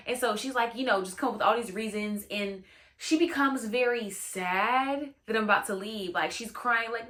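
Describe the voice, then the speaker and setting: Young woman hosting a storytime vlog; chatty, slangy, bright tone. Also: on the high side, normal speed. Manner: chatty, slangy, lots of "you know what I'm saying". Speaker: storytime host. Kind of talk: casual storytime chat.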